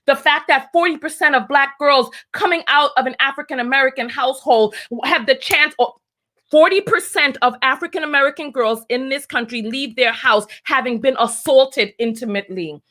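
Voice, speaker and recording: A woman's voice: high voice, moderate pace, fairly bright tone. A woman hosting a live stream, fiery and blunt, riled up early in the morning and reading out viewer comments. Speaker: host.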